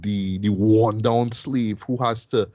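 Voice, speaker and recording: A man's voice: fairly low pitch, fairly even intonation, slow, a little mellow, no room sound, highs cut off. A man co-hosting a podcast film review in casual chat, ending many phrases with "right?" and often restarting words.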